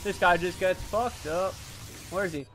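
Excitable, bright-voiced gamer commentating. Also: mid-range voice, moderate pace, a little hiss or hum. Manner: excitable, swearing, self-mocking. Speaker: gaming channel host. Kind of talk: live gameplay commentary.

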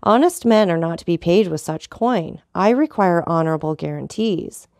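A woman's voice: lowish voice, moderate pace, a little mellow, no room sound, studio quality, close to an everyday voice. A woman reading the part of a young male journalist, speaking in a formal and earnest way. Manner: formal, earnest, haughty at times.

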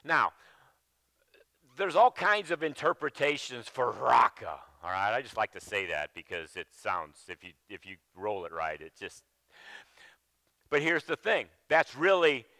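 Slow, bright-voiced preaching man. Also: animated, dry recording. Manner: emphatic preaching with sudden drops to a low, quiet voice; repeats phrases and restarts mid-sentence. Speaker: pastor. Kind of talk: sermon. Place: church sanctuary.

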